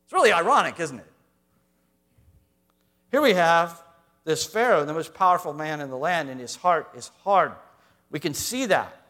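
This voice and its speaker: A man preaching a sermon to a congregation, swinging between quiet asides and loud, emphatic lines. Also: on the high side, expressive, moderate pace, long pauses. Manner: reads scripture aloud, addresses congregation directly. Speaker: pastor.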